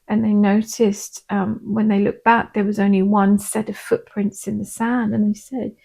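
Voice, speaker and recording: A woman, a tarot reader and medium, gently and reassuringly talking viewers through a pick-a-pile reading. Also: medium pitch, little pitch movement, creaky. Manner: gentle, reassuring, unhurried, with frequent "um" and "I'm feeling".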